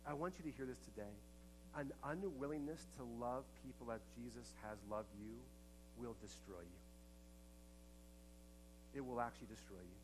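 A man preaching a sermon, earnest and emphatic, moving between hushed tones and impassioned bursts. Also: medium pitch, noisy background. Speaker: pastor.

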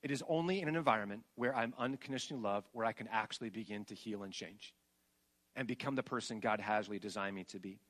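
A middle-aged male pastor preaching a sermon and telling family stories, rising to loud emphatic peaks and dropping to soft, hushed passages. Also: fairly low pitch, fast talker.

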